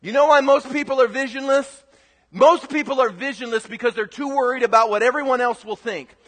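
A male pastor delivers a sermon in a strikingly high voice. His delivery is animated, moving between hushed confiding asides and loud, emphatic bursts. The sound carries a long echo, like a large church hall. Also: fairly quick.

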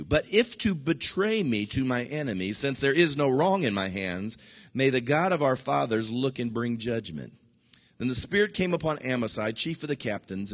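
A man preaching a sermon as pastor, animated, with sudden high bursts and hushed asides. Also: long reverb tail.

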